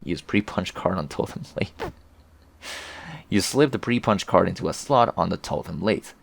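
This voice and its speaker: Gravelly low-voiced man reading aloud. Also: lively intonation, moderate pace, slight background noise. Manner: chatty, profane, laughs often. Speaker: webcomic reader, video host. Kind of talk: casual read-aloud with commentary.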